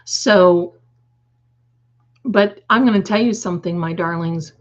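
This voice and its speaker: A woman's voice: on the low side, measured pace, muffled recording. A woman hosting a casual livestream, reading the chat aloud, calling her viewers darling and adding snarky, opinionated asides. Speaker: livestream host.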